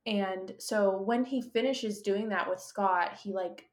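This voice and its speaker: A woman's voice: medium pitch, slow pace. A woman co-hosting a podcast in casual book chat. She gushes and leans on fillers. Her voice sits in a middle register. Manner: gushing, lots of "like". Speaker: podcast co-host.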